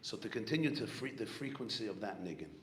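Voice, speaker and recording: A man's voice: lowish voice, quick pace. A middle-aged man from Brooklyn with a New York accent, a rabbi telling stories at a gathering, weaving in Hebrew and Yiddish terms. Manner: animated storyteller, sprinkles Hebrew and Yiddish terms. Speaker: rabbi giving a farbrengen talk. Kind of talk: storytelling sermon. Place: large room at a gathering. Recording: echoey room, faint background noise.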